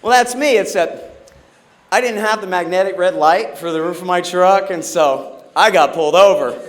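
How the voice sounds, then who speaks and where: Sardonic high-voiced male comedian. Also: moderate pace. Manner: sardonic storytelling, acts out characters. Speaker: stand-up comedian. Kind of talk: stand-up comedy set. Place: comedy stage before a live audience.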